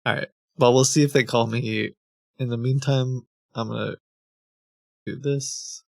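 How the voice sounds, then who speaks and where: A man's voice: medium pitch, fairly even intonation, unhurried, creaky, dry recording. A man streaming live, chatting casually into a close desk microphone, joking and laughing often as he talks.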